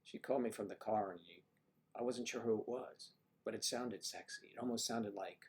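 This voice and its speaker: A man's voice: on the low side, fairly quick, darkish tone, breathy edge. Playful man hosting a livestream. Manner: playful, rambling, greets viewers by name. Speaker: livestream host. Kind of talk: casual livestream chat.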